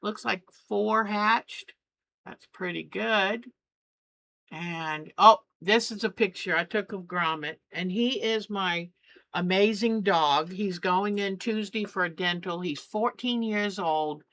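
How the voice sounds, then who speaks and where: A woman's voice: medium pitch, takes it slowly, fairly bright tone. A middle-aged woman hosting a quilting channel, chatting and gushing as she shows family photos. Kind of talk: casual chat while showing photos.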